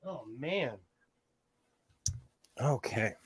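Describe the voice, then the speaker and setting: Slow-talking, chatty middle-aged man. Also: mid-range voice, lively intonation, a little hiss or hum. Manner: chatty, self-mocking, reading chat questions aloud. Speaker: sewing livestream host. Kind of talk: casual livestream chat. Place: home sewing room.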